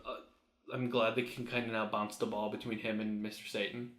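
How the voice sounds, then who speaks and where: A man's voice: on the low side, little pitch movement, brisk, a bit bright. A man co-hosting a podcast, recapping an episode in casual, joking chat and acting out lines as he goes. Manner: joking, acts out characters' lines while recapping. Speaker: podcast co-host. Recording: roomy echoey recording.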